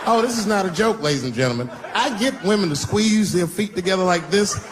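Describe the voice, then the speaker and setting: Middle-aged stand-up comic, live crowd. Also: male voice, expressive, brisk, very noisy. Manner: conversational storytelling, swinging between loud bursts and low asides. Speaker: stand-up comedian. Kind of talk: stand-up comedy set. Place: live comedy stage. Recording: live show with audience laughter. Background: crowd laughing.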